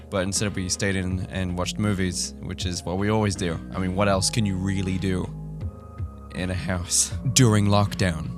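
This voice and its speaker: A man hosting a reaction vlog, ranting animatedly and swearing. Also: medium pitch. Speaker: YouTuber.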